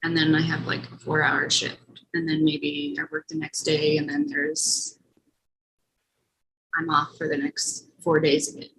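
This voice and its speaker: Slow-talking hesitant woman. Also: low-pitched, monotone, fairly bright tone, slight background noise, rough recording. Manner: hesitant, many "um" fillers. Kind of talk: casual chat.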